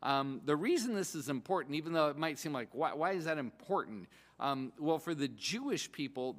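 Man preaching in a reverberant hall. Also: a little high. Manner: conversational, excitable, with frequent fillers and restarts. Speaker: pastor. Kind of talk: sermon.

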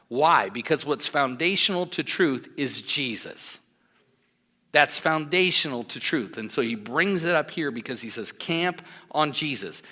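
A man's voice: medium pitch, pushed and bright. A man preaching a sermon, earnest and emphatic, with conversational asides to the congregation. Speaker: pastor.

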